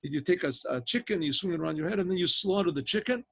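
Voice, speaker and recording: Male rabbi storyteller, a little high and husky, animated and rambling. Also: fast. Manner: animated teller, frequent throat clearing and restarts. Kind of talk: spoken storytelling to a class. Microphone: video call.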